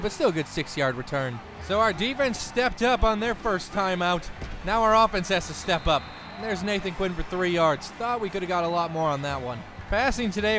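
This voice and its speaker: A young man giving casual, jokey play-by-play of a football video game, excitable, with his voice cracking now and then. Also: high-pitched. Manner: excitable, jokey, quick outbursts. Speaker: gaming YouTuber.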